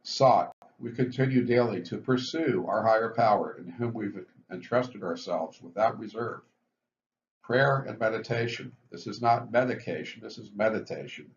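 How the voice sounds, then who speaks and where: A man explaining the twelve recovery steps in a measured, explanatory lecture, stressing each step heading. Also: on the low side. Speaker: physician teaching addiction recovery. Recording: dull lo-fi recording with faint hiss.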